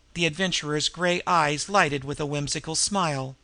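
A man reading a novel aloud in measured storytelling narration. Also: a little high, steady tone, creaky, pushed and bright, no echo. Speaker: audiobook narrator. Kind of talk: scripted narration.

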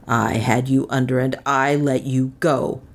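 Woman doing a fierce jealous young man, low voice, slow cold delivery, storybook. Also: steady tone, full character voice. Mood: bitter.

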